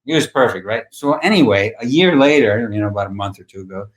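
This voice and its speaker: A male guest actor telling an animated, laughing anecdote on a podcast and acting out the quotes. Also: fairly low pitch, quick pace, reverberant. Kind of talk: anecdotal storytelling.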